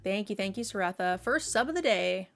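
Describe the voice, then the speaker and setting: A woman's voice: mid-range voice, animated, brisk, creaky, soft background music. A woman streamer chatting casually while playing a game, thanking subscribers and joking around.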